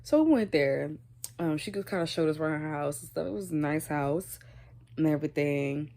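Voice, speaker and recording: Lowish-voiced young woman telling a story. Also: a little fast. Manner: chatty, animated, laughs through the story. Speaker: vlogger. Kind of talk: casual storytime.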